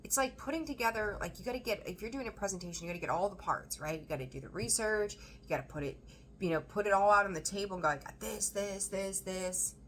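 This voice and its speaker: A woman reading tarot for her viewers, emphatic and animated, repeating phrases for emphasis and swearing now and then. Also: medium pitch, fast talker, slight background noise. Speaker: tarot reader. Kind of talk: intuitive tarot reading to camera.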